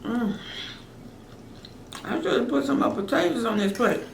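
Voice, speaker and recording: A woman's voice: a little high, lively intonation, normal speed, vocal fry, recorded from a distance, a little hiss or hum. A woman hosting an eating vlog, chatting playfully, humming and savoring between bites. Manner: playful, teasing, talks while chewing with lots of mm sounds. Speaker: mukbang host. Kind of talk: casual eating vlog chat. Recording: roomy sound from off-mic with faint ambience.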